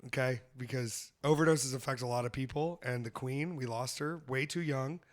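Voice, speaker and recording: A man's voice: medium pitch, normal speed. A man hosting a comedy podcast, telling loose, profane travel stories with frequent laughter. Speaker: podcast host. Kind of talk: casual comedic chat.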